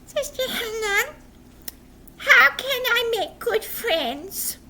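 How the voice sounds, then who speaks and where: A woman voicing an excitable little boy puppet who squeals, giggles and shouts with excitement. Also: very high-pitched, slow pace, pitched above the performer's own voice, full character voice. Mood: eager.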